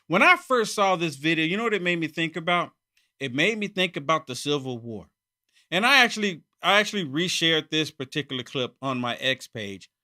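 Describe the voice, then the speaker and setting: A man hosting his own political commentary monologue, emphatic and repeating his points, swinging from loud outbursts to muttered asides. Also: on the high side, lively intonation, fairly quick. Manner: emphatic, repeats phrases for effect. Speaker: channel host.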